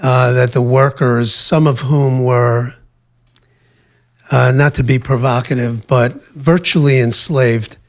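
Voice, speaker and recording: An older man from the United States, a guest in an interview, telling his life story in a measured way with frequent pauses and fillers. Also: mid-range voice, fairly even intonation.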